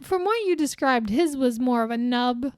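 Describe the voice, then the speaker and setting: Young woman podcast co-host, high voice, dry close sound, teasing and crude. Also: expressive, moderate pace, a little mellow, dry recording. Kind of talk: casual podcast chat.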